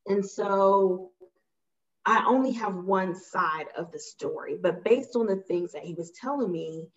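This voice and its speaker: Her voice sits mid-range and she speaks at a measured pace. As a guest, she recounts something from her own life in a casual, emphatic way, performing the lines people said. The recording sounds a bit muffled.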